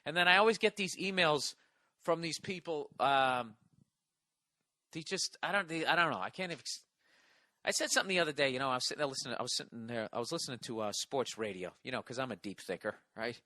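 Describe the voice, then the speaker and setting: A man's voice: medium pitch, fast talker, bright, forceful tone, no room sound, clean studio sound. A man hosting a podcast, delivering an exasperated, profanity-laced comedic rant full of restarts. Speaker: podcast host. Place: Los Angeles.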